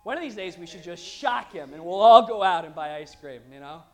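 A woman preaching a lively, conversational sermon, joking with the congregation between scripture readings. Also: fairly low pitch, normal speed, soft background music. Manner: lively and conversational, with humorous asides.

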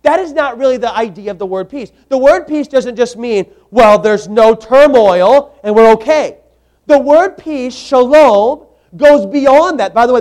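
A man's voice: very high-pitched, a little mellow. A man preaching a sermon, emphatic, repeating words for stress and putting questions to the congregation.

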